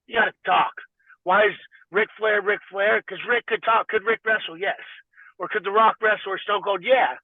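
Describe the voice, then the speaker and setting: A man guesting on a podcast, talking in an animated, rambling way with lots of "like." His voice sits high for a man and sounds dry and tinny, as if over a phone line. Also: moderate pace, creaky, dry recording. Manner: rambling and animated, heavy filler "like". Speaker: podcast guest, fighter and wrestler. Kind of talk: casual interview chat.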